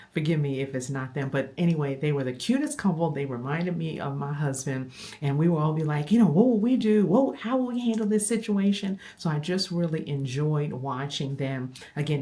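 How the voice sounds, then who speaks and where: A middle-aged woman vlogger telling a funny story to her viewers in a casual, animated way, often stopping to correct herself. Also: sits low. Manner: animated, rambling storyteller who self-corrects.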